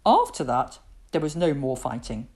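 A woman reading a children's storybook aloud in an expressive storytelling voice. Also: extremely low pitch. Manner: expressive, slow, lively storytelling.

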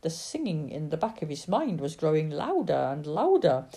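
A woman reading a children's storybook aloud in a dramatic, expressive way. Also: deep voice, normal speed, gravelly. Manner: dramatic, sing-song.

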